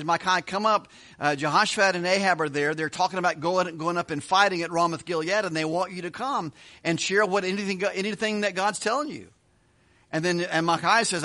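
A man teaching a Bible study as a pastor, retelling scripture with quick voiced asides and chuckles. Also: sits high, pushed and bright.

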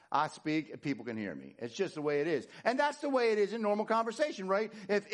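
Higher-voiced male pastor, shouting then whispering. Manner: swings from loud emphatic declarations to soft whispers; repetitive, rhetorical questions. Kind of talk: sermon. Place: church sanctuary before a congregation. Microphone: live handheld or stage microphone.

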